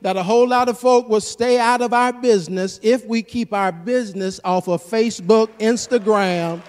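A man preaching a sermon as pastor, calling out to the congregation and building to loud emphatic peaks. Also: high voice, moderate pace, big-room sound. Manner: call-and-response preaching, rising to shouts.

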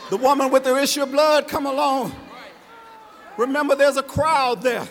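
A man preaches with a very high, ringing voice, swinging between shouts and a sung, chanting delivery. He addresses his congregation directly. His words carry a long reverb through a church sanctuary. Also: steady tone, moderate pace, a faint crowd, a little hiss or hum. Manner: impassioned, shouting and half-singing his lines; talks straight to the congregation. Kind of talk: sermon.

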